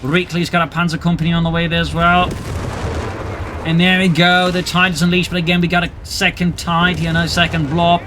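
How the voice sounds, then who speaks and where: Excitable man casting a battle game. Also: fairly high pitch, background noise. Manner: brisk, excitable, wry. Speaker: game caster. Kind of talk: play-by-play commentary. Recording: commentary over loud game battle sound. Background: gunfire and artillery.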